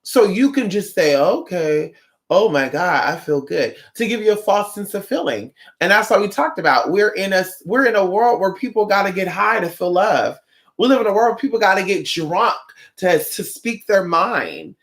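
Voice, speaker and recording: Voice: medium pitch, normal speed. A livestreamer from Northern California chatting in a sassy, profane way and acting out quotes while welcoming viewers. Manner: sassy, profane, animated storyteller who acts out quotes. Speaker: livestreamer and spiritual shop-goer. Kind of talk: casual livestream chat.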